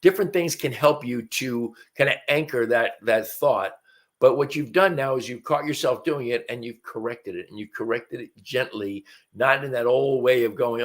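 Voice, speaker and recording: A man's voice: medium pitch, normal speed. A man in his seventies hosting a live stream, talking in an earnest, folksy way with fillers and restarts, a bit sniffly from allergies. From North Carolina. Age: 70s. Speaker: host. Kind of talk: casual talk on a live stream. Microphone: webcam live stream.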